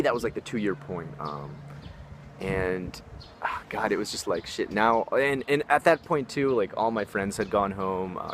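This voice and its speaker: A young man with a lowish voice talks to camera outdoors in a park, rambling loosely with plenty of fillers and casual swearing. Faint traffic and open-air ambience hum behind him. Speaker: vlogger giving tips on life abroad. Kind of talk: casual vlog.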